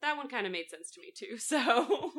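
A woman's voice: a little high, lively intonation, normal speed, fairly bright tone, dry recording, studio quality. A young woman co-hosting a casual podcast, giggly and self-mocking, playing up her reactions. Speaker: podcast co-host.

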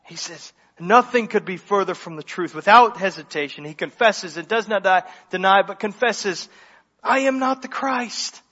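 A high, bright-voiced man preaching with emphatic, animated delivery and casual asides. His voice carries a long reverb, as if he were in a large church, and the sound is slightly muffled. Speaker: pastor. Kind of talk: sermon.

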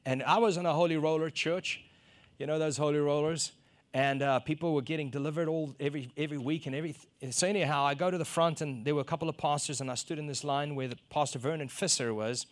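A middle-aged man from South Africa preaching a sermon, telling a personal story and acting out the exchanges he describes, rising to loud emphasis. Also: on the high side, steady tone, quick pace.

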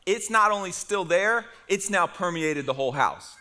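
A middle-aged man preaching a sermon, telling a story with lively humor to his congregation. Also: high-pitched, normal speed. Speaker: pastor.

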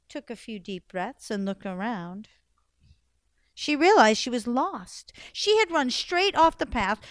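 A woman storyteller telling a folktale aloud in an expressive, lively way, raising and dropping her volume for drama. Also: fairly high pitch, dry recording, clean studio sound.

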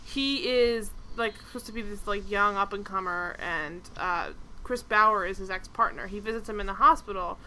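A woman co-hosting a casual TV review podcast, chatty and animated, full of "like" fillers. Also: medium pitch, moderate pace, slight background noise. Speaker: podcast co-host.

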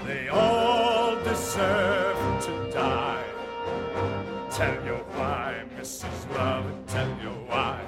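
A man's voice: medium pitch, extremely slow, over loud music. A man singing the part of a vengeful, unhinged barber in a musical cast recording, with an intense, snarling delivery over an orchestra. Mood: menacing.

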